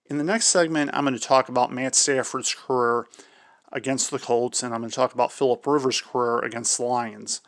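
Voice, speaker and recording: A man hosting his own sports channel, going through team injury reports in a measured tone and often hedging with "I believe". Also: mid-range voice, fairly even intonation, a bit bright, no room sound, studio quality. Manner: measured, repeats "I believe" and "for sure". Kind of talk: football injury preview commentary.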